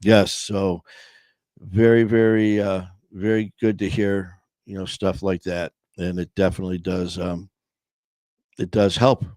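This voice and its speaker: A man's voice: deep voice, level tone, unhurried, darkish tone, no room sound, clean studio sound. A man in his sixties from Michigan, hosting a podcast and telling loose, profane stories full of "man" and "you know". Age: 60s. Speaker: podcast host. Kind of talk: casual storytelling interview. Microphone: streaming podcast mic.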